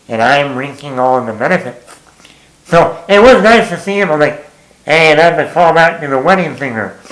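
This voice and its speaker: Exasperated swearing male movie reviewer. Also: fairly bright tone. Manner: blunt, exasperated, swears freely, quotes lines in a higher voice. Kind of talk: casual spoken film review. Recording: echoey room.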